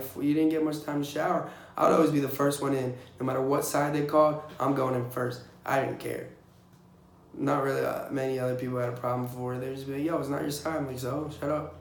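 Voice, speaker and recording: A young man casually telling blunt, profane stories in a vlog, animated whenever he quotes other people. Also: on the high side, vocal fry. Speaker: vlogger recounting navy boot camp. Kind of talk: casual storytelling. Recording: echoey room.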